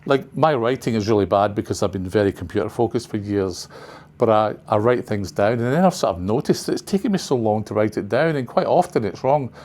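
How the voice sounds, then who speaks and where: Speaking to a roomful of trainers, an older man delivers a loose, wandering talk packed with asides. His voice sits on the low side with a darkish tone, and he moves briskly with lively intonation.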